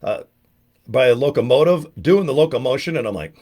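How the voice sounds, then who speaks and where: A man's voice: mid-range voice, normal speed. A man in his fifties from California, telling rambling, joking stories in a casual monologue. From California, USA. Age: 50s. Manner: animated storyteller, chatty and jokey. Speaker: online marketer.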